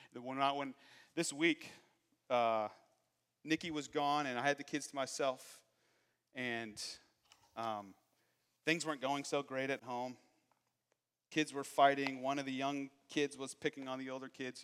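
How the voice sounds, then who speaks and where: A man's voice: mid-range voice, fairly even intonation, moderate pace, a bit bright, smooth, big-room sound. A man in his thirties preaching a sermon, candid and self-deprecating as he tells stories from his own life. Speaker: pastor.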